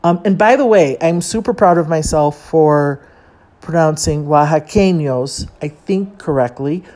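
A woman's voice: sits low, normal speed, dark tone. A woman from Chicago talking casually and chattily, wandering off on side notes and poking fun at herself. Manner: chatty, digressive, self-deprecating. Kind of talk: casual monologue.

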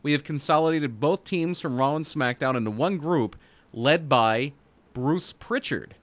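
A man's voice: on the high side, a little slow, no echo. A man co-hosting a casual podcast, explaining backstage rumors at length in an informed way. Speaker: podcast co-host reading wrestling news.

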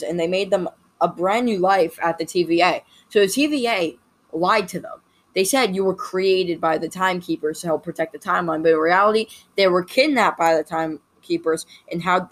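A woman talks through a casual story recap in a slightly low voice. She rambles, fills gaps with "like" and keeps correcting herself mid-sentence. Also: a bit bright. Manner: rambling, full of "like" and self-corrections. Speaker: video host recapping a series.

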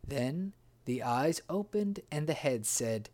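A narrator reading a storybook in a slow, measured way. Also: medium pitch, expressive, darkish tone.

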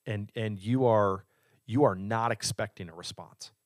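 Man, podcast co-host, low voice, reflective, earnest, dry studio sound. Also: unhurried, no echo. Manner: earnest, reflective, explaining with restarts. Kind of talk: casual faith discussion.

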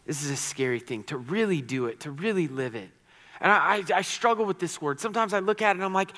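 Man, pastor, sermon, conversational and earnest, repeats words, slightly high voice, long hall reverb. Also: quick pace, a bit bright.

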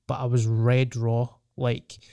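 A man's voice: medium pitch, monotone, takes it slowly, mellow, no room sound. A young Scottish man telling rambling, sweary stories in a casual podcast chat. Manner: rambling, sweary storytelling with frequent restarts.

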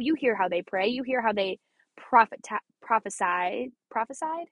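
A woman's voice: fairly high pitch, animated, normal speed, dry recording, muffled recording. A young woman from Missouri hosting a podcast, talking earnestly and chattily about faith, often repeating herself and laughing. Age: young adult. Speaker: podcast host. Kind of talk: personal faith talk.

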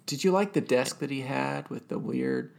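A man co-hosts a casual podcast recap. His voice has a gravelly fry to it, and he drops deadpan, wry one-liners in between plot points. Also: mid-range voice, moderate pace. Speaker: podcast co-host.

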